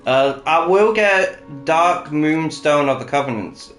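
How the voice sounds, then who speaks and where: A man's voice: fairly high pitch, lively intonation, takes it slowly, fairly bright tone. Chatty man talking over gameplay, roomy echo. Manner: chatty, thinks aloud with many fillers. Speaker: co-host playing the game. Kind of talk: casual gaming chat. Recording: roomy echo with faint music.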